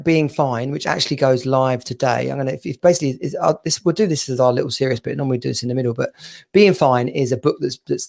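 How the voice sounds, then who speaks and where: A man's voice: medium pitch, vocal fry, darkish tone. A man co-hosting a podcast in casual chat, rambling and repeating words, with frequent laughs, over a video call. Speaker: podcast co-host.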